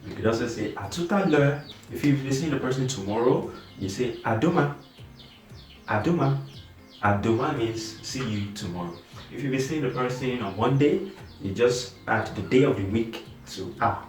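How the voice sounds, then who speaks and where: A man teaching a beginner language lesson, speaking slowly and patiently and repeating each word so learners can practice along. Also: mid-range voice, animated, roomy sound, recorded from a distance, soft background music. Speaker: French teacher.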